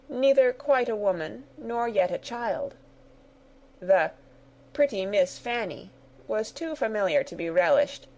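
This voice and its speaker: A woman narrating a graded reader story in a steady, clear storytelling manner. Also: fairly low pitch, rough recording.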